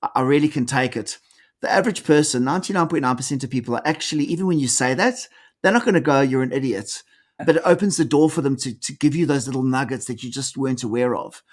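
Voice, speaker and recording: A man's voice: mid-range voice, fast. Middle-aged man telling workplace stories. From South Africa. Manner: animated storyteller, acts out quoted dialogue. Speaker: executive coach guest. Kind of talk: conversational interview storytelling.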